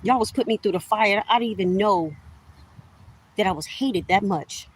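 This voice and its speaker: A slightly rough, mid-range female voice at normal speed carries a vlogger's angry direct-to-camera rant. The middle-aged woman accuses her listeners, whom she calls "y'all," and repeats herself for emphasis. It's a low-quality recording.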